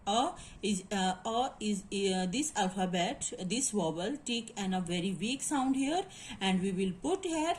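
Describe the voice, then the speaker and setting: A woman teaching word stress in a halting lecture, with many fillers and quick Hindi asides. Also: mid-range voice, expressive, poor audio. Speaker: English literature teacher.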